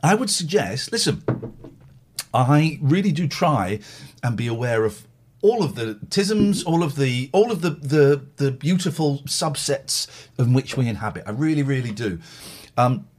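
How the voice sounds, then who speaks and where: A man hosting a chat show, telling stories in a rambling, animated way. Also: medium pitch, unhurried, a little hiss or hum. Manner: rambling, lively, mimics others. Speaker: podcast host.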